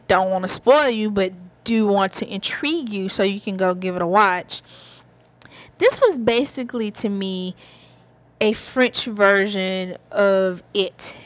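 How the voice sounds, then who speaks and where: A woman's voice: medium pitch, no room sound. Chatty Southern woman host, loose and giggly TV recap. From American South. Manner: chatty, giggly, rambling asides. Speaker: TV review host. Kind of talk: casual chat.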